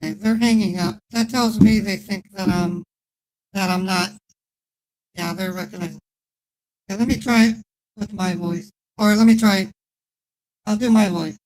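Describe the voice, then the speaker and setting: A woman's voice: medium pitch, fairly even intonation, moderate pace, long pauses, a little mellow, rough recording. A woman scam baiter chatting casually and teasingly on a live stream. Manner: playful, teasing.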